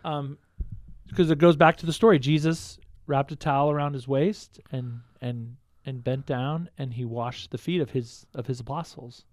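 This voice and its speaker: A man's voice: medium pitch, fairly even intonation, moderate pace, a little mellow. A male priest with a mid-range voice explains church rituals in an eager, conversational way. The sound is dry and close, with no echo. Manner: enthusiastic explainer. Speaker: pastor.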